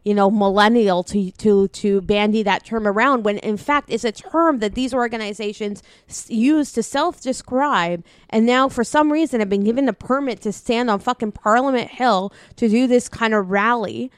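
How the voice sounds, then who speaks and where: A woman's voice: on the high side, normal speed, few pauses, smooth, no echo. A woman from Canada co-hosting a podcast, talking in impassioned casual political chat with many restarts and some swearing. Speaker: podcast co-host.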